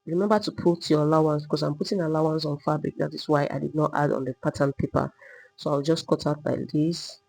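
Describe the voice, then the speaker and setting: A woman teaching a step-by-step sewing tutorial, calmly talking through each move while she drafts and cuts a pattern. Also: deep voice, fast, creaky, breathy edge, poor audio. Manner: patient, repetitive demonstrating, talking while working. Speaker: sewing instructor.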